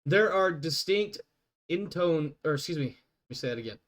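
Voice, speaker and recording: Brief: a casual, somewhat high-voiced man running a tabletop game, joking at himself. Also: animated, moderate pace, a bit bright. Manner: chatty, self-deprecating, laughs often. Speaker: game master.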